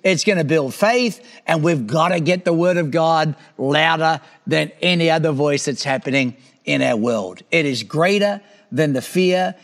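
High-voiced enthusiastic preacher man. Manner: enthusiastic, exhorting. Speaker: TV preacher host. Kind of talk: preaching show host. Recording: echoey hall reverb.

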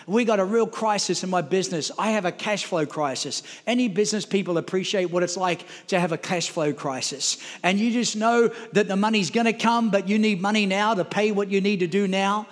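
A male pastor, preaching a sermon and telling a story in an animated way, his voice rising and getting louder as it builds. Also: sits high, fairly quick, few pauses. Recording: long hall reverb.

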